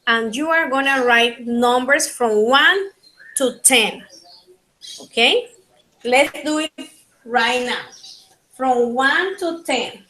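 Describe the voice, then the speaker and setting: A woman with a Panamanian Spanish accent teaching an online linguistics class in English, her second language, repeating key points slowly. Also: high voice, bright, forceful tone, rough recording. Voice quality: slow, repetitive teaching delivery. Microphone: video call.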